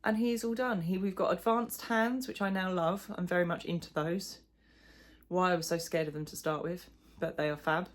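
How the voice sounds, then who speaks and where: Chatty low-voiced woman vlogger. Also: fairly even intonation, moderate pace. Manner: chatty, self-deprecating, rambling with fillers. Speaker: crochet vlogger. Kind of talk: casual chat.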